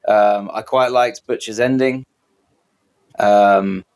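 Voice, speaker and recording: A man's voice: lowish voice, fairly even intonation, takes it slowly. A man co-hosting a podcast, easygoing and a little hesitant, chatting casually. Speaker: podcast co-host. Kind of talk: casual chat.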